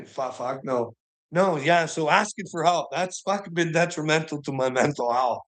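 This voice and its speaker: A man's voice: a little high, normal speed. A man giving a rambling livestream monologue, swearing constantly, laughing often and speaking emphatically.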